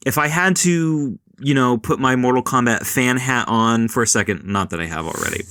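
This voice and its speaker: Hosting a casual film and culture podcast, this man talks at medium pitch with a slightly bright voice in clean studio sound with no echo. He rambles, swears a lot and mimics voices as he chats.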